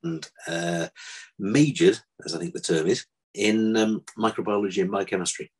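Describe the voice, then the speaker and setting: Low husky man telling his story. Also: moderate pace, a little mellow. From England. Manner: dry self-deprecating storyteller. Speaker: interviewee, vet. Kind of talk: casual interview chat.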